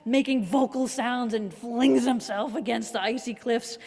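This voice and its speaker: A woman's voice: on the high side, fairly even intonation. Woman minister giving a sermon, thoughtful and a bit wry, long echo from the hall. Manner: reflective, measured, gently wry. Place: worship hall.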